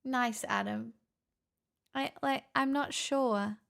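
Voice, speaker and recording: Woman streamer, unhurried, gravelly, reads chat and riffs on it. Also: fairly high pitch, fairly bright tone. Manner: reads chat messages aloud with playful quips. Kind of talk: casual live-stream chat.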